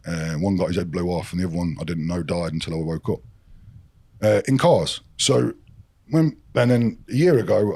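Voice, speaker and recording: A man's voice: deep voice, husky. A middle-aged man, a podcast guest telling blunt stories full of swearing. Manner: blunt, heavy swearing, forceful storytelling. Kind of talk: casual podcast chat.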